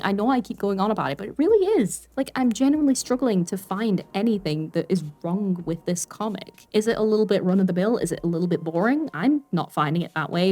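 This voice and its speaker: A young woman talks through her commentary in a relaxed, chatty way, breaking into animated asides and laughter. Her voice sits a little low and sounds warm and mellow rather than bright. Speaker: art commentary YouTuber. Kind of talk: casual spoken commentary.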